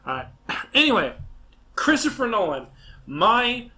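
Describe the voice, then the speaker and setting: A man's voice: high-pitched, big pitch swings, unhurried, sharp tone. A young man hosting a casual podcast, rambling enthusiastically about films with many restarts and fillers. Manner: rambling, restarts often, enthusiastic film fan. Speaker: podcast host. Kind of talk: casual chat.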